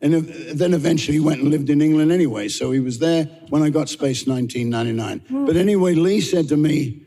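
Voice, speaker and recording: An older man, a guest actor, spins casual stories and keeps chuckling as he talks. His voice is husky and gravelly, with a mellow, dark colour. The recording carries a long reverb tail. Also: on the high side, quick pace, hardly any pauses. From Australia. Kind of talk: casual anecdote telling.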